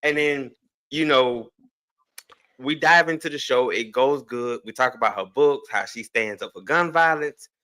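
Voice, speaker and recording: A man's voice: mid-range voice, a little slow, pushed and bright. A man telling stories as a guest on a casual podcast over a remote call, easygoing and full of slang. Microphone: remote streaming call.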